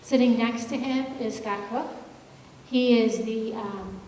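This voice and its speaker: In a large public meeting hall, a woman moderating a public agency meeting introduces the panel in a friendly way with many fillers. Her voice is on the high side, slow and darkish, picked up from far off in the echoey hall with a faint hum.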